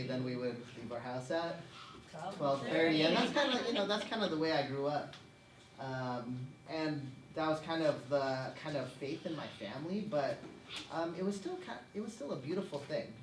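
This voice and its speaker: A young man giving a relaxed parish talk, full of humorous family anecdotes and frequent laughter. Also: mid-range voice. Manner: chatty, self-deprecating, laughing often. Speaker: guest speaker at a parish event. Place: church hall. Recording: echoey room, distant mic, background noise.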